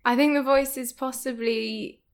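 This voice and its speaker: A woman's voice: high voice, steady tone, a little slow. A woman guest in a casual podcast chat who laughs often.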